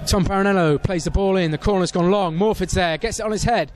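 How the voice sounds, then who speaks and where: A man calls a lower-league football match from an outdoor stadium. His voice sits high, and he pauses often with fillers. When a penalty or a save comes, he jumps up sharply. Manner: reads team sheets with many fillers, rises sharply at big moments. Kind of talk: club radio match commentary.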